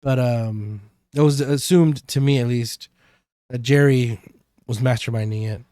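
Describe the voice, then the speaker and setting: A man chatting through a TV episode recap on a podcast, rambling and filling pauses with "um"s. His voice sits in the middle range. The sound is close and dry. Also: medium pitch, steady tone, mellow, no room sound. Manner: rambling, many fillers. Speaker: podcast co-host. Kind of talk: casual chat recapping a TV episode.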